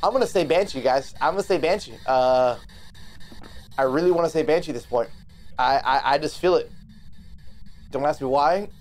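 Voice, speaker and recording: Male game streamer, loose and excitable, rambles and curses his way through live commentary. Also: on the high side, moderate pace, long pauses. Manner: excitable, swearing, rambling with restarts.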